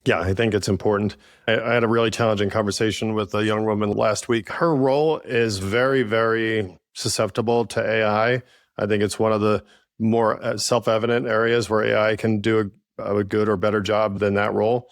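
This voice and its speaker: A man's voice: fairly low pitch, little pitch movement, a little fast, dry recording, clean studio sound. A man co-hosting a business podcast, talking earnestly and telling stories from his work as a leader. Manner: earnest, storytelling with frequent "I think". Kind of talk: casual conversational podcast chat.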